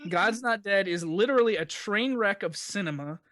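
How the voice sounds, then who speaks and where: Crude sarcastic young man, bright voice. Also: sits high, animated, moderate pace, dry recording. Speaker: podcast co-host. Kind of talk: casual chat.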